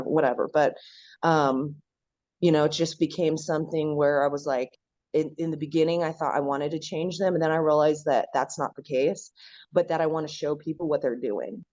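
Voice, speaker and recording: A woman guest telling her story in a casual conversation, animated and full of "like" fillers. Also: low-pitched, dry recording. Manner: animated, acts out quoted dialogue, many "like" fillers. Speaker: podcast guest, local activist. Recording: dull lo-fi dry audio.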